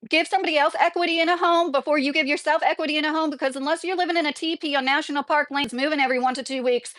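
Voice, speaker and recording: A woman's voice: high-pitched, very fast, few pauses, fairly bright tone. A woman in her late thirties, a YouTuber ranting casually to camera, indignant and rambling with restarts and frequent fillers. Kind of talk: casual political rant to camera, reading comments.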